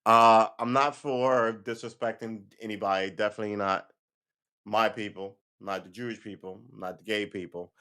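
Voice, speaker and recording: A man talking in a casual opinion monologue as host of a livestream, animated, often stumbling and restarting his words and acting out what other people say. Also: fairly low pitch, moderate pace, clear, resonant tone. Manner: animated, acts out voices of others.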